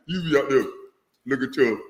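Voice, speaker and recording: A middle-aged man hosting his own channel, delivering an angry, profane rant to camera, mocking and confrontational, breaking into laughs and shouts. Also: medium pitch, moderate pace, breathy edge. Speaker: channel host. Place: Georgia, USA.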